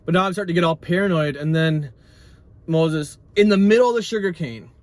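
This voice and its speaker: A man's voice: fairly high pitch, a little fast, no room sound. A man telling a travel story casually while driving, rambling with frequent restarts. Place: moving car. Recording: road noise in a car.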